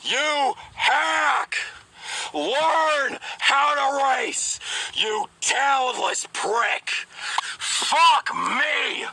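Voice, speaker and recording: A man's voice: extremely high pitch, drawn-out words, vocal fry, bright, forceful tone, no echo, low-quality recording. A YouTuber ranting in a furious screaming rage, cursing, his voice cracking with anger. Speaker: YouTuber reacting to a race.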